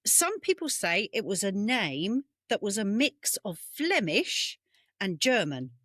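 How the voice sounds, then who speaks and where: A woman's voice: mid-range voice, very animated, takes it slowly, fairly bright tone, no echo, studio quality. A British woman co-hosting a podcast, telling history tales in a meandering, self-correcting way over a video call. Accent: British English. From England. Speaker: podcast co-host. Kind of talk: casual storytelling chat. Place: home room on a video call. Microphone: webcam mic.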